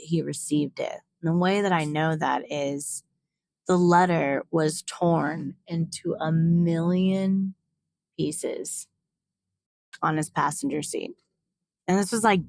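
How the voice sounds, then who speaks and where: Young woman, vlogger, bright tense voice, candid storytelling, blunt, curses freely. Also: fairly low pitch, dry recording, rough recording. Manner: frank, animated, swears freely, acts out quoted dialogue.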